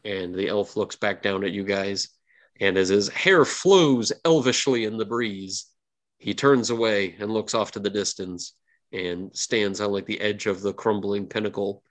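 A man's voice: lowish voice, unhurried. A man narrating a tabletop role-playing game as game master, in a loose way full of fillers.

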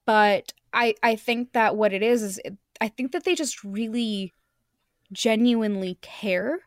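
A woman's voice: a little high, no echo, clean studio sound. Enthusiastic, stumbling woman podcast host. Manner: enthusiastic, halting restarts, laughs often. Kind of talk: casual podcast chat.

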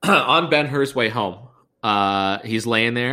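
A man's voice: mid-range voice, slow, sharp tone. A man hosting a podcast, retelling a film in a rambling, sarcastic and profane way. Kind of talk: comedic film recap.

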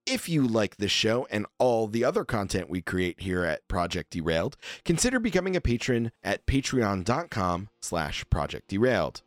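A man hosts and runs a tabletop roleplaying podcast, reading out the cast and credits. His delivery is upbeat, and his pitch rises and falls freely. The recording is dry, with no room sound. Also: big pitch swings, moderate pace, hardly any pauses, dry recording. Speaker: game master and podcast host.

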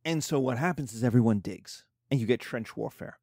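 A man's voice: medium pitch, fairly quick, darkish tone, slightly rough, no echo, studio quality. A man giving a casual history lecture as a teacher, talking colloquially and acting out the nations in quoted voices.

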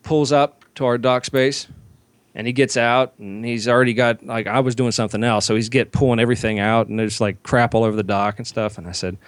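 On a dry recording, a podcast co-host with a medium-pitched voice and fairly even intonation speaks fairly quickly. He's in casual storytelling mode, rambling through long anecdotes and loudly acting out the people in them.

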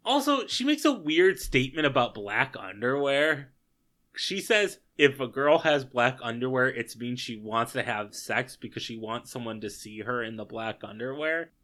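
Male co-host, bright clear tone, casual and incredulous movie-recap chatter. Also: mid-range voice, moderate pace. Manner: animated, incredulous, swears casually. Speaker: podcast co-host.

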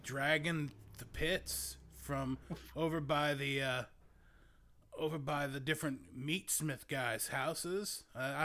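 A man's voice: medium pitch, fairly bright tone, natural voice. A man voicing a laid-back young male druid hermit who rambles and hesitates, full of "like" and "man". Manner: rambling, halting, lots of "like" and "man". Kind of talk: in-character tabletop role-play.

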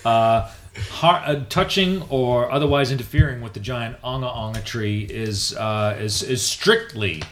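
A man's voice: mid-range voice, slight background noise, natural voice. A man playing a stammering, officious bureaucrat. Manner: hesitant, bureaucratic, many uh fillers. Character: stammering formal male official, fussy and polite.

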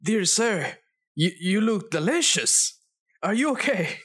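A man playing a tabletop game, playful and quick. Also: high voice, very animated, fairly bright tone, breathy edge. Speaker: player. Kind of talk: tabletop role-play.

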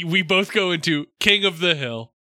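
A man co-hosting a casual show recap, animated and teasing, laughing easily. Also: sits high, moderate pace, no echo, studio quality. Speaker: podcast co-host. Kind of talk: casual episode recap chat.

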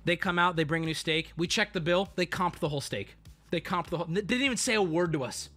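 A man streamer telling a ranting story, animated and profane, with sudden outbursts. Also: sits high, fast talker, faint music behind. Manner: animated, swearing, mock voices and sudden outbursts.

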